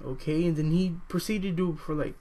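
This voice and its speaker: A young man telling a personal story in a halting, hesitant way, full of fillers, now and then jumping to a higher voice to quote people. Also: fairly even intonation, warm tone. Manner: acts out quoted voices with sudden high pitch.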